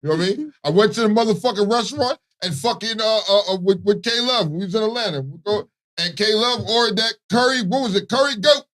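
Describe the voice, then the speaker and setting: A man with a Baltimore accent talks loosely and profanely in casual morning-show banter. His voice sits a touch higher than most men's. He keeps checking in with his listener as he goes. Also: expressive, fast, fairly bright tone. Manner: laid-back, profane, keeps asking "you know what I mean". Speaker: radio co-host.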